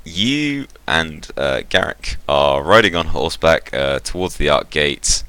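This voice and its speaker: Man, very low voice, bright edge, dry sound, game master, halting narration. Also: expressive, smooth, no room sound. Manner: hesitant, full of ums and uhs.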